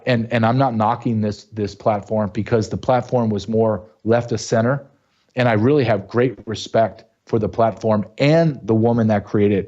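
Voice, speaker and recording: A man hosting his own show, delivering a blunt, angry commentary monologue that keeps rising into sharp outbursts. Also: on the low side, muffled recording. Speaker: show host.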